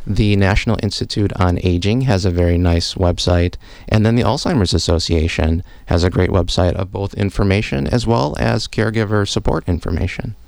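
A man who is a physician guest on a radio show, answering questions in a calm, measured, explanatory way. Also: sits low, gravelly, dry recording. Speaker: physician and professor, guest expert. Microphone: studio microphone.

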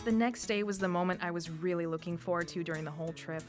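A woman in her thirties from Wisconsin with a Wisconsin accent, reading a personal radio essay in a warm, lightly humorous way. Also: fairly low pitch, quick pace, soft background music. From Wisconsin, USA. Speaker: storyteller.

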